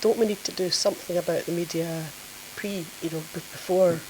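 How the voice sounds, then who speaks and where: A woman's voice: on the low side, steady tone, brisk, a little mellow, a little hiss or hum, poor audio. A woman in the audience asking a question from across the room, tentative and hesitant. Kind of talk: question from the floor. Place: meeting room. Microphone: off-mic, from across the room.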